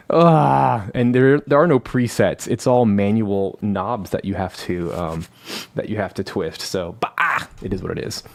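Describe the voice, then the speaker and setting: A man's voice: lowish voice, normal speed, a little mellow, dry recording. A man with a cold hosting a casual live stream from his home studio, talking in a chatty, rambling, self-deprecating way into a vocal mic. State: has a cold. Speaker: live stream host and composer. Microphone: studio vocal mic through a manual analog mixer.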